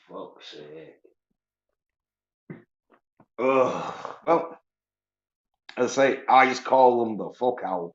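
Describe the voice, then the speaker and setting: A man ranting profanely on a solo livestream, mocking others in high whiny voices. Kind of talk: angry solo livestream rant. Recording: dull lo-fi stream audio.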